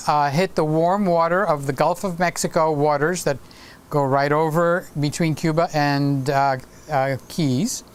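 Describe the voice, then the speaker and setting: A man's voice: fairly high pitch, clear, resonant tone. Guy in his 60s chatting on a live stream, meanders, says hi to viewers by name. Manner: rambling, stops to greet viewers by name. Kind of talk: casual live stream chat.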